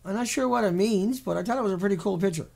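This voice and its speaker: A man's voice: sits high, rapid-fire, creaky, darkish tone. A man giving sarcastic, ranting commentary on a series of pictures, mocking and repetitive in his delivery. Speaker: video commentator.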